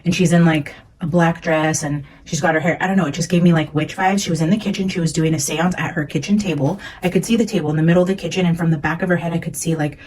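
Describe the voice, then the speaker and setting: A woman's voice: sits low, steady tone, fast, hardly any pauses, a little mellow, poor audio. A young woman, a psychic medium, talking casually and earnestly as she reads from her notes, rambling with many fillers.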